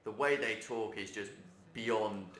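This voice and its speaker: A man's voice: lowish voice, measured pace, a little hiss or hum. A young man chatting casually and animatedly while watching a game being played. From South London, England. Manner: animated, swearing, laughs easily. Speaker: gamer co-host. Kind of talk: casual gaming chat. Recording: roomy room, game music behind.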